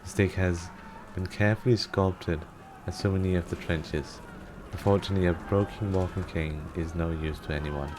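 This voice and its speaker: A man's voice: low-pitched, fairly even intonation, moderate pace, background noise. A man from Denmark with a Danish accent, chatting casually as a streamer and reading in-game text aloud with frequent giggles. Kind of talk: casual gameplay commentary. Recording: music in the background.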